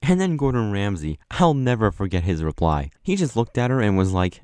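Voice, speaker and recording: Chatty male storyteller, lively pitch. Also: fairly quick, few pauses, dry recording, studio quality. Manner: chatty, with lots of likes and asides. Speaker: animated storytime narrator. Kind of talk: casual storytelling.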